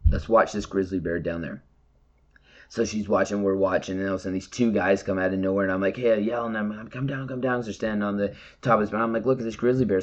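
A man casually telling a personal story in an animated, profane way, jumping between hushed and shouted moments. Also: on the low side, lo-fi sound. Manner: animated, profane, breathless retelling with shouted quotes.

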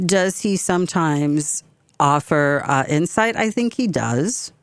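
A woman's voice: low voice, animated, slow pace, clean tone, no echo. A woman giving blunt, opinionated commentary on local politics, with lots of fillers.

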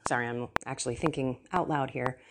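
A woman hosting a Catholic podcast, telling personal faith stories in an earnest, animated way with laughs and asides. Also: a bass voice, brisk. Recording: audible background noise.

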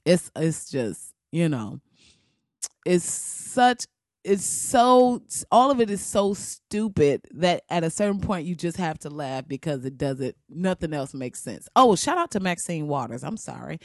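Animated, profane woman podcast host laughing. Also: low voice, takes it slowly, no room sound, clean studio sound. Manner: laughs often, profane, animated, slips into impressions. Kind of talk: casual comedic podcast rant.

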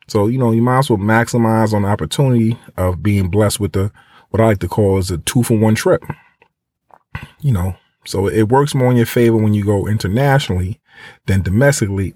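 A talkative man offers travel tips in a loose, rambling way, slipping in fillers and acting out what he would say. His voice sits a bit low, and the sound is dry and close. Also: mellow, no echo. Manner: chatty, rambling, many fillers and acted-out quotes. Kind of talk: casual monologue giving advice.

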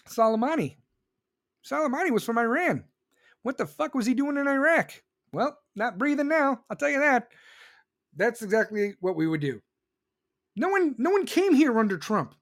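A man with a fairly high voice rants about politics in a heated, profane and sarcastic way. He reads viewer comments and talks like a casual commentary host.

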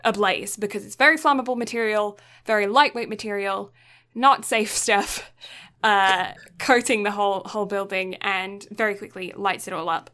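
A young woman with a medium-pitched, pushed and bright voice co-hosts a podcast, speaking at normal speed with fairly even intonation. She casually recaps a film's plot in a chatty way, full of fillers.

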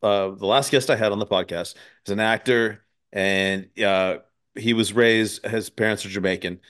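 A man's voice: on the low side, fairly even intonation, moderate pace, fairly bright tone, smooth. A man hosting a podcast, talking loosely in casual conversation, swearing and laughing often. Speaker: podcast host.

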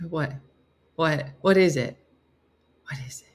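A woman's voice: low voice, slow, pauses often. A woman with a New Jersey accent hosting a casual live-stream morning show, joking and laughing as she reads viewer comments aloud. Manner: animated, joking, laughs often.

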